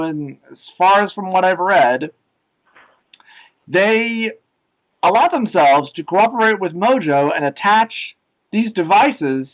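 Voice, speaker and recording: Rambling young man, slightly high voice. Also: low-quality recording. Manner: rambling, many filler ums and uhs. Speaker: podcast co-host. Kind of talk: casual chat.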